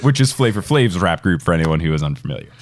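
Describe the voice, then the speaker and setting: A man's voice: deep voice, sing-song, fast. A man co-hosting a podcast, chatting about a film and explaining its rap references, chuckling now and then. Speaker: podcast co-host. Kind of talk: casual movie discussion.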